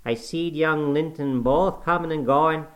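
Man putting on a grumbling old servant, preachy, loud, drawn-out, storybook reading. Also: a little high, pitched above the performer's own voice. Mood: spiteful. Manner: slow, loud, preachy ranting. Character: cantankerous old male servant, pious and scolding.

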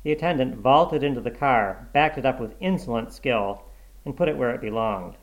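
A male narrator reads a short story in a calm, measured audiobook style. His voice sits at an ordinary middle pitch, and his storytelling stays even and unhurried. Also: low-quality recording.

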